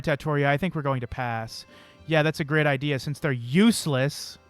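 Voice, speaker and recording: A young man reading game dialogue on a live stream, his voice sitting fairly high for a man. Soft game music runs underneath. He moves from plain line reading into sudden cursing at what happens on screen. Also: normal speed, dry recording. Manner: reads the lines of several characters aloud, with sudden swearing outbursts.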